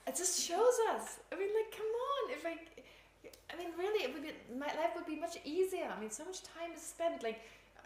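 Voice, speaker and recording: A woman with a high, darkish voice gives an informal dharma talk on Buddhism, chatting freely, laughing often and poking fun at herself. The room is echoey with faint ambience, and there's a little hiss or hum.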